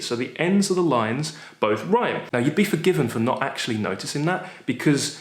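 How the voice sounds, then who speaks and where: A man's voice: mid-range voice, lively intonation, brisk, few pauses. A man teaching poetry in a chatty, enthusiastic way, asking and answering his own questions as he goes. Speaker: literature teacher. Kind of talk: explaining poetry to camera. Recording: roomy echo.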